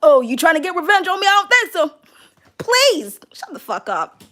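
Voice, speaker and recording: A woman with a British accent voicing a brash, lustful man in a low, murmured tone. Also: big pitch swings, moderate pace, sharp tone, full character voice. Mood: dismissive.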